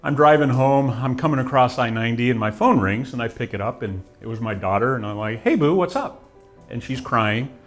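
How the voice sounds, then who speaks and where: A man's voice: mid-range voice, fairly even intonation, brisk, hardly any pauses, soft background music. A man in his forties giving an earnest, reflective personal testimony, with frequent restarts. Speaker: guest telling his story.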